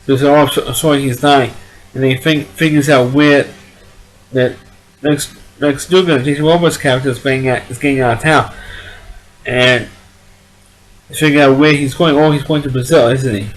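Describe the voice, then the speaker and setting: A man's voice: medium pitch, fairly even intonation, normal speed, pauses often, low-quality recording. A man giving a casual spoken movie review, rambling along and often repeating and restarting his words.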